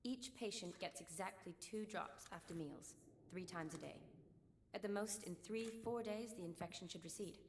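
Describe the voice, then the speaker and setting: An actress playing a composed young female doctor in a video game, measured and precise in her speech. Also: mid-range voice, slight background noise, lightly acted.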